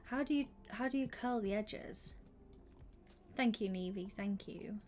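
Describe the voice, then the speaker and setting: A young woman livestreaming a game, chatting with her viewers and thinking out loud, often slipping into a whisper. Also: mid-range voice, unhurried, slight background noise. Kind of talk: casual gaming stream chat.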